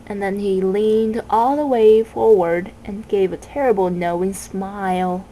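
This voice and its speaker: A woman reads a children's novel aloud at an unhurried, deliberate pace, pausing over phrases and now and then restarting a word. Her voice sits at a middle pitch. A faint hiss of background noise lies underneath. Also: fairly even intonation, dark tone, low-quality recording. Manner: slow, measured reading with small restarts. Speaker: reader.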